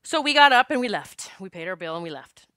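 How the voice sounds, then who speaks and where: Frank, bright-voiced woman podcast host. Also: mid-range voice, fast talker, clear, resonant tone, dry recording, clean studio sound. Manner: frank and animated, swears and laughs often. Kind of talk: candid personal storytelling.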